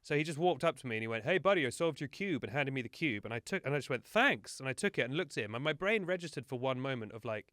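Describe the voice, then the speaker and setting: A man chatting as a podcast guest and spinning self-deprecating anecdotes. His voice sits at an ordinary pitch, and the recording is close and dry, with no room sound. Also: animated, very fast, hardly any pauses, fairly bright tone, no echo. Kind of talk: casual chat.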